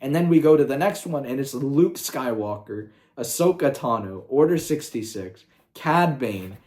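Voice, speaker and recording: Excitable, profane man in an echoey room. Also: medium pitch. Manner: profane, excitable, quick asides. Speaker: video creator. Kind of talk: casual rant. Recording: roomy echo.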